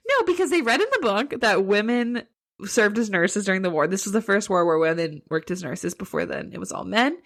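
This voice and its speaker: A woman's voice: mid-range voice, animated, brisk, gravelly. A young woman co-hosting a podcast, giving a chatty, casual book recap with lots of "like" and frequent laughs. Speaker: podcast co-host.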